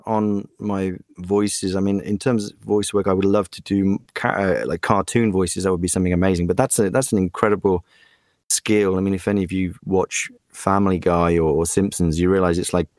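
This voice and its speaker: A man from the West Country of England, a voice actor chatting as a podcast guest in a playful, animated way. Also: on the low side, normal speed, no echo, studio quality. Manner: animated, playful, slips into accents. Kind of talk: casual interview chat.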